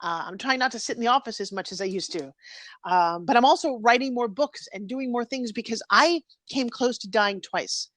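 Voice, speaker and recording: A woman's voice: a little high, moderate pace, a bit bright, no echo. A woman in her fifties, a guest talking candidly and animatedly in an emotional interview, close to tears, over a live video stream. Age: 50s.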